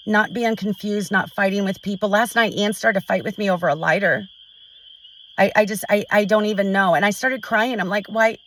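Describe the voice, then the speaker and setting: A middle-aged woman venting to a phone camera at home, frustrated and halting, restarting her sentences often. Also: mid-range voice, a bit bright, far from the mic, low-quality recording. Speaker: vlogger. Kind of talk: emotional personal vent to camera.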